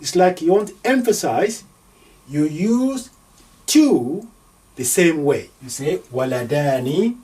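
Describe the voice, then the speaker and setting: A man teaching an Arabic grammar lesson, slowly sounding out words syllable by syllable as he writes them. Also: on the high side, lively intonation, warm tone, distant mic. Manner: slow, deliberate, sounding out syllables.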